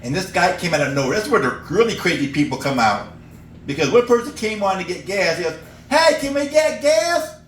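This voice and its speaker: A middle-aged man from upstate New York performs stand-up at a cafe open mic. His voice is high and lively, and he chuckles at his own punchlines. The sound is roomy and distant, with faint room noise behind. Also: quick pace. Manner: animated storytelling, laughs at own jokes, acts out characters and animal noises. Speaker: stand-up comedian.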